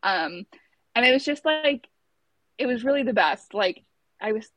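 A woman's voice: on the high side, animated, measured pace, fairly bright tone, no echo. Chatty young woman, dry close sound. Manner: chatty, acts out quotes in a raised voice. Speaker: labor and delivery nurse telling her birth story. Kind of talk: casual storytelling.

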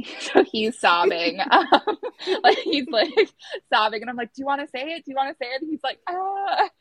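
A woman's voice: mid-range voice, a bit bright, dry recording. Chatty young woman, dry close sound. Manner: chatty, acts out quotes in a raised voice. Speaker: labor and delivery nurse telling her birth story. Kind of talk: casual storytelling.

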